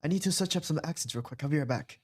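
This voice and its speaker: Playful man with a higher voice. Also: racing, breathy edge. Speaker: streamer and tabletop game player. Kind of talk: casual chat.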